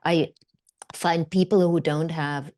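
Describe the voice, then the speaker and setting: A woman actor telling stories as a podcast guest, animated and full of fillers. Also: sits low, takes it slowly. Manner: animated, acts out quotes, many fillers. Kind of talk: conversational storytelling.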